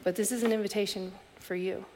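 A middle-aged woman preaching a sermon as a pastor, telling stories in a reflective way with soft restarts. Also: medium pitch, steady tone, fast talker, background noise.

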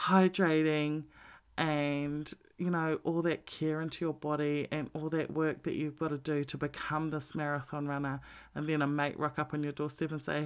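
A middle-aged woman, talking bluntly and swearing freely in a casual monologue, with animated emphasis. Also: low-pitched.

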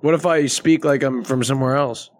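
A man's voice: mid-range voice, fairly even intonation, a little fast. A man in casual chat with friends on a call, confused by the quiz and poking fun at himself. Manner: confused, self-mocking.

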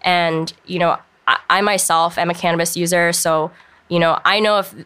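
Young woman, podcast guest, casual and filler-heavy; bright, crisp tone. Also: fairly low pitch, fairly even intonation, moderate pace. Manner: chatty, filler-heavy, frequent "um" and "like".

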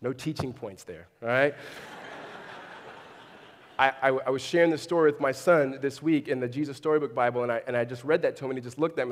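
Speaking briskly in a slightly high voice, a pastor delivers a sermon to his congregation, mixing a conversational style with dry jokes on the side. The setting is a large church hall, and the recording carries the long reverb of the space.

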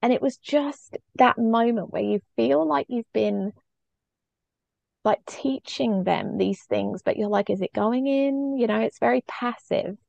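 A woman's voice: fairly high pitch, a little slow, gravelly, darkish tone, no echo, lo-fi sound. A middle-aged woman, a parenting coach, speaking earnestly and openly as a podcast guest. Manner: earnest, reflective, emotionally open. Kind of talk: conversational interview storytelling.

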